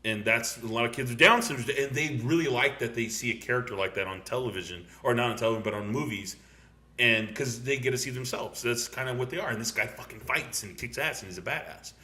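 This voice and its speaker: A young man hosting a casual podcast, excitably talking over a film, swearing a lot and laughing often. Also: medium pitch, fast. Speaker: podcast host. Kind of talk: casual movie review chat.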